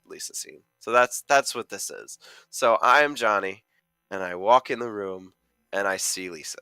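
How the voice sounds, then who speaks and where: A man's voice: mid-range voice, lively intonation, unhurried, sharp tone, clear, resonant tone, dry recording. A young man co-hosting a podcast, chatting casually about films and rambling with many fillers. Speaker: podcast co-host, amateur film critic. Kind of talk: casual chat.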